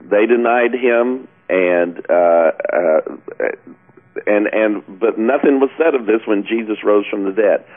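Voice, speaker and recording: A man's voice: on the low side, slow pace. Argumentative male radio co-host, tinny line. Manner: argumentative, questioning. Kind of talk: talk radio commentary. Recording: tinny phone-like radio audio.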